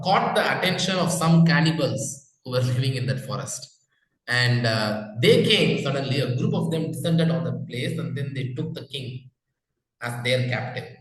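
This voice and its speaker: A man tells a teaching story in a loose, chatty way. He is a spiritual teacher, and his voice sits at an ordinary middle pitch. The recording is washed in strong room echo. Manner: relaxed, conversational, with many fillers. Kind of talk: storytelling talk. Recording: very echoey room.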